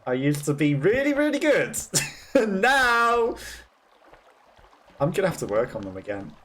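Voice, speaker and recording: Streaming a game, this young Black Country man from the West Midlands talks fast in a fairly high voice that swings hugely in pitch. He keeps up chatty, casual commentary, often laughing and poking fun at himself. There's a little hiss or hum.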